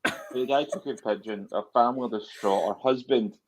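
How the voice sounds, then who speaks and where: Husky deadpan man. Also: medium pitch, a little fast, low-quality recording. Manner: deadpan, spins absurd jokes. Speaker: podcast co-host. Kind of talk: casual chat.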